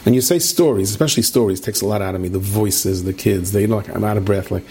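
A man's voice: lowish voice, fast, a little hiss or hum. A middle-aged man, teaching a Torah class and telling stories while asking his listeners questions. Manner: animated storyteller, asks listeners questions.

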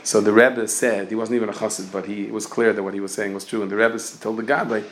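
A man's voice: lowish voice, fast talker, a little hiss or hum. Man giving an informal Torah class. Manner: lively storytelling, mixes Yiddish and Hebrew terms. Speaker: rabbi teaching a class.

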